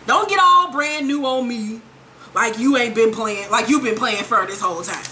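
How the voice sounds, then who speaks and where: A woman's voice: a little high, moderate pace, sharp tone, a little hiss or hum. Woman playing a smug, scheming man. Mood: taunting. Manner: smug, profane, taunting. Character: scheming cocky man taunting a rival.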